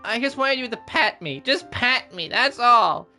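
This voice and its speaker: A streamer voicing a clingy, pouty girl with a crush, speaking in a slightly nasal, bouncy, high-energy voice. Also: animated, a little slow, pushed and bright, faint music behind, exaggerated voice. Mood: whiny.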